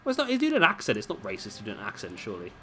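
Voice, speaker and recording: A man's voice: lowish voice, huge pitch swings, racing, a bit bright, faint music behind. A man giving casual, rambling commentary over a wrestling video game, with chatty, self-deprecating asides. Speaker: gameplay commentator. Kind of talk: casual let's-play commentary. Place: at home, drinking beer while recording.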